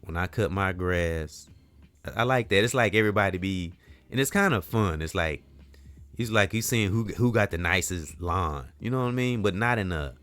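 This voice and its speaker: A man's voice: sits low, expressive, normal speed, a bit bright, faint music behind. A middle-aged man talking straight to camera in a casual, earnest, rambling monologue, full of "you know" and the odd curse word. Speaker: community vlogger.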